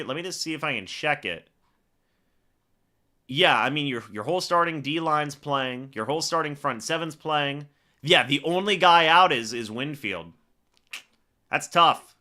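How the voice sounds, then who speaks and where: Between snaps, this man chats with the viewers of his live fan reaction stream, having just called the play the way a broadcaster would. His voice sits a little high and has a sharp edge.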